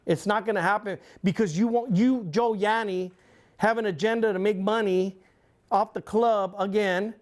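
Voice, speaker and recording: A man's voice: sits high, steady tone, normal speed. Blunt, heavily swearing man telling a story. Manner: blunt, heated, swears constantly. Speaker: interview guest, former club president. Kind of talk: casual profane storytelling.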